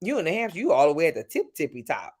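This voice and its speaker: A woman from Louisiana with a Southern accent, chatting casually with viewers on a livestream, swearing freely and jumping up and down in pitch. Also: very animated, very fast, darkish tone, slightly rough. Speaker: livestream host.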